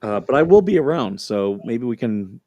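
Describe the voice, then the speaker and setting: A man hosts a livestream, chatting casually and telling funny stories with frequent laughter. His mid-range voice is expressive and mellow, at normal speed, with no echo.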